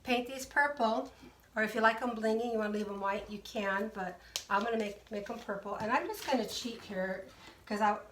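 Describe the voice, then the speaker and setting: A woman's voice: on the high side, normal speed, fairly bright tone, roomy sound, distant mic, slight background noise. A woman hosting a live craft tutorial, talking viewers through each step in a chatty way and greeting them by name. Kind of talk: casual live craft demonstration.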